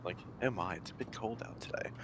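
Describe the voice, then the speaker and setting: Low-voiced man playing a polite preacher. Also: quick pace, a bit bright, slight background noise. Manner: polite, proper in character. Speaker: player. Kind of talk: casual play at a tabletop game.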